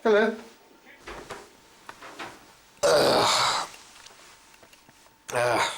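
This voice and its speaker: A man's voice: on the low side, sing-song, very slow, creaky, pauses often, a bit bright, slight background noise. A man filming his own holiday video diary, keeping up a wry, sarcastic running commentary from behind the camera. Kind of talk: casual camcorder video diary narration. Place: bus, hotel room and streets on a trip. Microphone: built-in camcorder mic, behind the camera.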